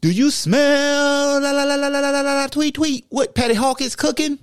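A man puts on a vain, boastful alter ego who teases and preens in a sing-song voice, pitched far above his own. He sounds petty and showy, and the dry, close recording has almost no room sound. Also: steady tone, moderate pace, dry recording. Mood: sing-song teasing. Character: vain, petty, boastful male alter ego calling himself a pretty bird.

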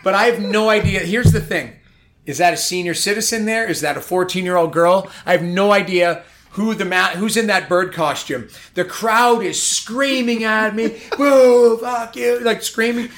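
A man telling a long anecdote in a casual chat, animated and rambling, full of "like". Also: high-pitched, normal speed. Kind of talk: casual storytelling.

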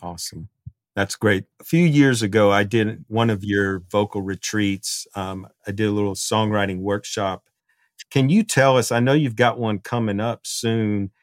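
A man's voice: on the low side, moderate pace, dry recording, studio quality. A man hosting a songwriting podcast, encouraging his guest and asking questions. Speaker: podcast host. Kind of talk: podcast interview talk.

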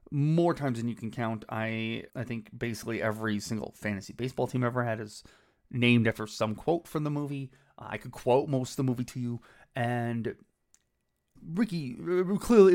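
A man in his thirties hosts a podcast and tells baseball anecdotes, clearly enjoying himself as he acts out the quoted lines. His voice sits at an ordinary middle pitch. The recording is dry and close to the mic, with no room sound. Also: no room sound. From Cleveland, Ohio. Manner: enthusiastic, quotes players in lively voices. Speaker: podcast host. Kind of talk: casual baseball storytelling.

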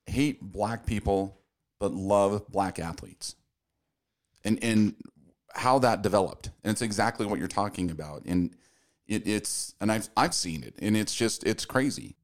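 Low-voiced man hosting a podcast. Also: unhurried. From Utah. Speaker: podcast host. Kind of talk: casual podcast chat and read ad.

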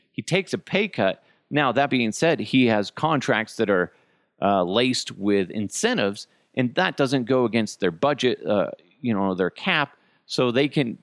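A man's voice: medium pitch, no room sound, clean studio sound. A middle-aged man hosting a solo podcast, talking in a casual, rambling way and often restarting his sentences. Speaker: podcast host.

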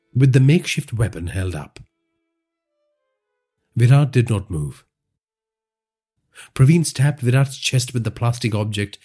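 A man with an Indian English accent reading a crime story in a measured, dramatic way as a podcast storyteller. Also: medium pitch, dark tone, breathy edge. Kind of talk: scripted crime narration.

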